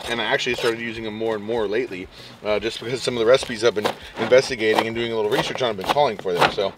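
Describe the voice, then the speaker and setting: Relaxed outdoor cooking vlogger, mid-pitched man, a bit off-mic, loud music bed. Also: recorded from a distance, poor audio. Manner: relaxed, chatty, explains as he cooks. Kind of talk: casual cooking narration. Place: outdoors at a campsite.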